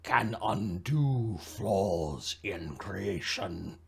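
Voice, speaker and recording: A man voicing an ancient, slow-witted albino troll, speaking in a slow, halting, gravelly half-whisper. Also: deep voice, lively intonation, full character voice. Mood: cryptic.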